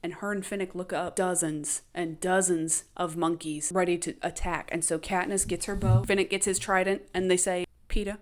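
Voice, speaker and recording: A woman's voice: lowish voice, steady tone, moderate pace, few pauses, slight background noise. A young woman, casually retelling a novel and acting out the characters' lines. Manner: chatty, dramatic reactions, acts out quotes. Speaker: book recap creator.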